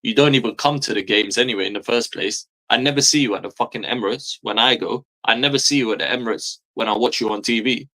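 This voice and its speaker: A man's voice: medium pitch, quick pace, hardly any pauses, bright, forceful tone. A man, delivering an exasperated, profanity-heavy fan rant as a football streamer, hammering his points home by repeating phrases. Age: 30s.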